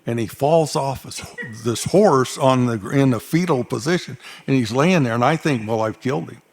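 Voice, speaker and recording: Onstage before a live audience, an older Arizona cowboy storyteller speaks at a moderate pace in a medium-pitched voice. His drawl is folksy and his humor dry.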